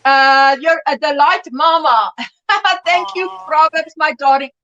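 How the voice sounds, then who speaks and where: A middle-aged woman hosts a relaxed livestream chat with a high, bright voice. She rambles in a friendly way and keeps breaking off and restarting her sentences. Her tone stays easy and conversational as she talks to her viewers. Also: measured pace, lo-fi sound, faint music behind. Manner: chatty, reads viewer comments aloud, rambling restarts. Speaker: livestream host. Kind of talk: casual chat.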